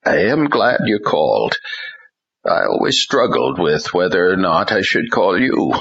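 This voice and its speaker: A man voicing an older ousted male pastor who talks slowly, falteringly, and forcefully. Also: low voice, big pitch swings, vocal fry, slightly rough, dull audio, exaggerated voice.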